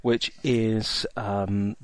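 A man's voice: on the low side, flat delivery, very slow, crowd noise. A man, the game master, chatting in a rambling way full of fillers and asides as he sets up a tabletop role-playing game. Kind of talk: casual chat, setting up a tabletop game.

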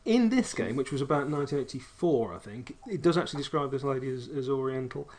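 A man's voice: mid-range voice, expressive, fast, a little mellow. A man from England running a tabletop game as game master, explaining at length with dry humor.

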